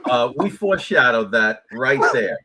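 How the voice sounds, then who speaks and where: A man co-hosting a casual live-stream chat, animated and jokey, often repeating his words. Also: medium pitch, moderate pace, a little hiss or hum. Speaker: co-host.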